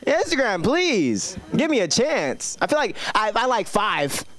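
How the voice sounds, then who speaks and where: Male stand-up host, high voice, casual profane club delivery. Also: big pitch swings, unhurried, fairly bright tone. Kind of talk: stand-up set. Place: comedy club stage.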